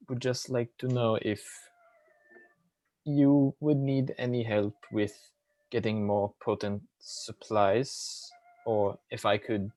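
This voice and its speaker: A man playing in a tabletop game, speaking in a polite, hesitant, halting way. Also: lowish voice, darkish tone. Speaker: player. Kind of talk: tabletop role-play.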